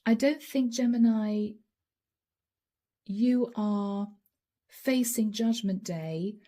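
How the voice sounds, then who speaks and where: Soft-spoken woman giving a tarot reading. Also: medium pitch, very slow. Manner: earnest, emotional, addresses viewers directly; drops to soft whispers. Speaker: tarot reader.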